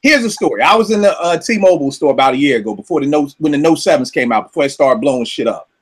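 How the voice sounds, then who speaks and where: A man with a high voice rants to his co-host with loud disbelief. His storytelling is loose, profane and animated, full of asides and punchlines. It sounds like a casual talk show. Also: quick pace, husky. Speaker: podcast host. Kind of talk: casual comedic rant.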